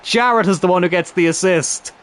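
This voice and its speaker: A man commentating his own football management game, cheering and shouting when goals go in. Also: high-pitched, fairly quick, smooth. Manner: excitable, shouts at goals, laughs. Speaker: gaming YouTuber.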